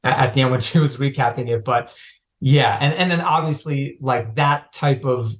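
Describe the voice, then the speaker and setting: A man's voice: medium pitch, moderate pace. A man who is a guest on a podcast, chatting casually in an earnest way and trading teasing banter. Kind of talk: casual chat recap.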